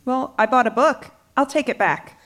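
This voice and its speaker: An actress playing a bold, tomboyish young woman who talks with energetic exclamations. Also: sits high, normal speed. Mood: determined.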